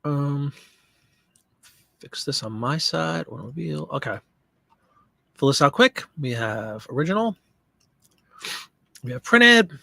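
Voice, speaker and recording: A man's voice: a little high, animated, measured pace, creaky, long pauses, pushed and bright, no room sound, clean studio sound. A man hosting a live listing stream, chatting casually and answering viewer comments while he works. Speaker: live stream host listing items for sale.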